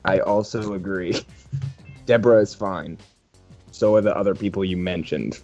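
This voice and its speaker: A man's voice: low voice, moderate pace, darkish tone. Laughing man running a tabletop game. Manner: laughing often, playfully teasing. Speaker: game master. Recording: muffled lo-fi audio with faint music.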